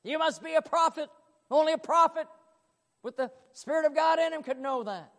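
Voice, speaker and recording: A man's voice: sits high, fairly even intonation, fast, darkish tone, in a large hall, natural voice. A preacher, a man, voicing an astonished Samaritan woman at a well, firing off exclaimed questions. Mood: awed.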